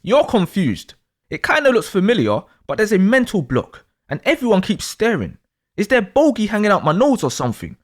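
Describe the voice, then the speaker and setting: Animated man telling a story. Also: high-pitched, normal speed. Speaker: astrology storyteller. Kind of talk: second-person storytelling narration.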